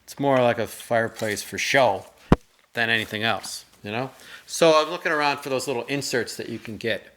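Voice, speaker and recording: A middle-aged man co-hosting a casual chat with his mother, telling rambling, animated stories and mimicking voices in them. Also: mid-range voice, normal speed, noisy background. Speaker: co-host.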